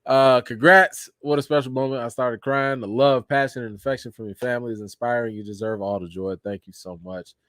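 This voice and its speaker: A man hosts a casual live stream and reads viewer comments one after another. He thanks each person, laughs easily and jumps up high when something delights him. His mid-pitched voice sits close and dry on the mic. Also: steady tone, a little fast, hardly any pauses, fairly bright tone, dry recording. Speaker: livestream host.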